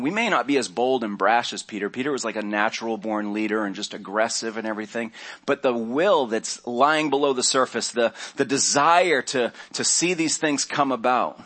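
In this church sermon recording, a male pastor preaches with a medium-pitched, slightly bright voice. His style is relaxed and conversational, and he occasionally acts out what the people in his story say.

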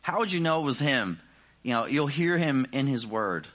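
A man preaching a sermon, talking to the room like a conversation and leaning on "you know" as he goes. His voice sits in an ordinary middle pitch, and he swings between energetic, laughing rises and quiet, low questions to the listener. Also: normal speed.

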